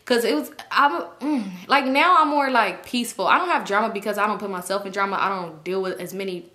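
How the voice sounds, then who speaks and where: A young adult woman vlogs a work drama storytime, speaking briskly in a mid-range voice. She's casual and animated, acting out quotes in a raised voice.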